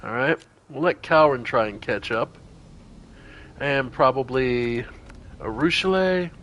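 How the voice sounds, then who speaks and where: Man, mid-pitched voice, relaxed gameplay commentary, thinking out loud, casual swearing. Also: slow pace, a little hiss or hum. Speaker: streamer.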